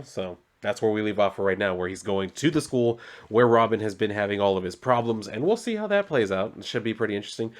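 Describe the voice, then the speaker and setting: A man's voice: lowish voice, expressive, fast talker, hardly any pauses. A man giving a casual, rambling recap of a comic book issue, full of fillers. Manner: loose and rambling, lots of fillers like "so" and "like".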